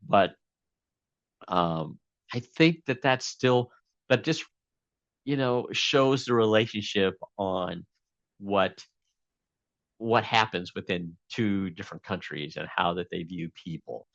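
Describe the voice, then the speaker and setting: A man's voice: fairly low pitch, slow pace, gravelly, long pauses, a bit bright, no echo, lo-fi sound. A man being interviewed as a guest, telling a long story casually with many fillers and restarts.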